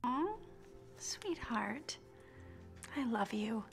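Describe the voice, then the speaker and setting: A loving mother in a short drama, speaking softly and tenderly. Her voice sits a touch high, with faint music playing underneath. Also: animated, very slow, exaggerated voice.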